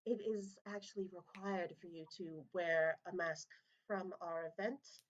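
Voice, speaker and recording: A woman's voice: lowish voice, steady tone, highs cut off, natural voice. A woman voicing a formal, courteous cat-person steward at a masked party. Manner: courteous, measured, stiffly formal.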